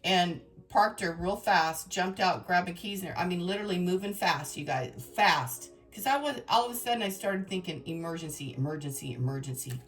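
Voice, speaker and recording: A woman's voice: on the low side, moderate pace, hardly any pauses, fairly bright tone, soft background music. A woman tarot reader telling her viewers a personal story in an emotional, rambling, dramatic way.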